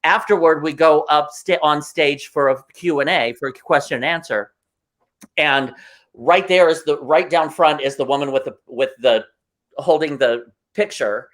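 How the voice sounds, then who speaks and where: Excitable man telling stories. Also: fairly high pitch, normal speed. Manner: excitable, emotional, acts out voices in anecdotes. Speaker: guest performer. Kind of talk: animated interview storytelling.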